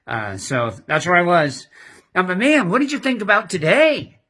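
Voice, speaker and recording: A man playing an excitable young male disciple in a church skit, leaving a rambling, animated voicemail and chuckling as he talks. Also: high voice, normal speed, exaggerated voice. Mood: eager. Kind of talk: amateur church skit monologue.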